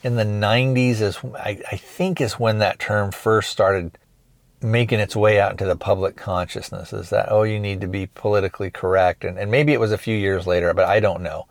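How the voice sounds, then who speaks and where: A man's voice: on the low side, steady tone, brisk, dry recording. A man hosting a podcast, casually retelling a movie scene by scene and slipping into short acted quotes. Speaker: podcast host reviewing a film. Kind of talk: casual spoken film recap.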